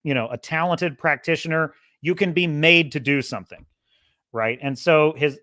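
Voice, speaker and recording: A man's voice: fairly high pitch, normal speed, sharp tone, no room sound, clean studio sound. A man hosting a podcast, talking through a film review in a rambling, enthusiastic way and correcting himself as he goes. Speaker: podcast host. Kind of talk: casual film review monologue.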